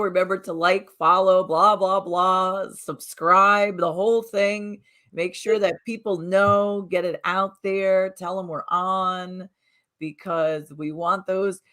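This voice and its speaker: With a fairly low, slightly bright voice, this woman co-hosts a casual morning chat show out of Southern Connecticut. She comes across as upbeat, chatty and prone to rambling.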